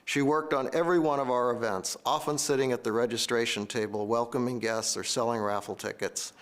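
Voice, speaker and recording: Brief: man presenting an award, measured and formal, mid-pitched. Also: steady tone. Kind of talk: scripted speech.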